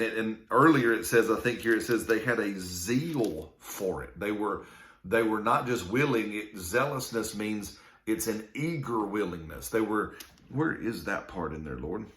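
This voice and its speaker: A man's voice: mid-range voice, a bit bright, reverberant. A man teaching from the Bible, reading scripture aloud and checking in with "right?". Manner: conversational, reads scripture aloud, frequent "right?" asides. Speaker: minister. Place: indoor room filmed on a camera.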